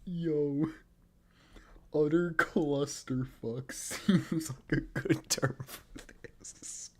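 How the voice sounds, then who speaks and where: A stream co-host chats casually at an unhurried pace. The co-host laughs often, swears and keeps saying "yo". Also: mid-range voice, steady tone, darkish tone. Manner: laughs a lot, swears, says "yo". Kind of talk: casual livestream chat.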